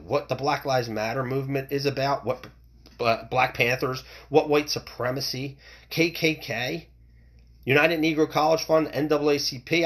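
A middle-aged man from the United States hosting a solo podcast, ranting in a heated, profane way with many restarts and repeated words. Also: medium pitch. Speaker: podcast host. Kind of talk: opinionated solo podcast rant.

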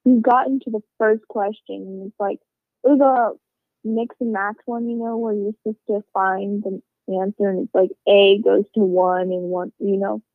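A woman's voice: mid-range voice, steady tone, moderate pace, no room sound. A woman telling a rambling, casual story, swearing a lot and filling it with "like" and "you know.". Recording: tinny phone-like sound, dry.

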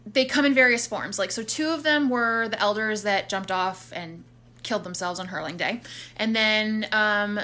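Bright-voiced woman recapping a film. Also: medium pitch. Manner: animated storytelling, acts out characters' lines. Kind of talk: casual movie recap chat.

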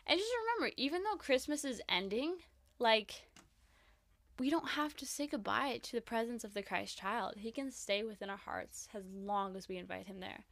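A woman's voice: on the high side, moderate pace, gravelly, fairly bright tone, dry recording. A young woman hosting a casual faith podcast, talking in a bubbly, effusive way with plenty of "like"s and gushing praise. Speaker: podcast host.

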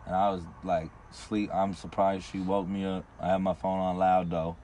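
Man, very low voice, teasing co-host, faint background noise. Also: flat delivery, moderate pace, mellow. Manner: teasing, interjecting, talks to the audience as y'all. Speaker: podcast co-host. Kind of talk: casual chat.

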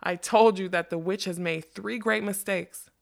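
A woman reading a storybook, voicing a tall, grand and boastful male magician who declaims loudly. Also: medium pitch, steady tone, normal speed, vocal fry, lightly acted.

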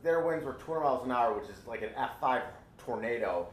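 A man's voice: mid-range voice, expressive, brisk, a little hiss or hum. A man co-hosting a podcast in casual chat, blunt and argumentative, swearing freely. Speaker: podcast co-host. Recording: echoey room.

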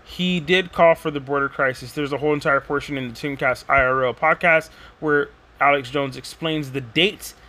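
A man's voice: on the high side, moderate pace, few pauses. A man talking in a rambling, casual monologue as a podcast host. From Texas. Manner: rambling, animated, conversational with slang.

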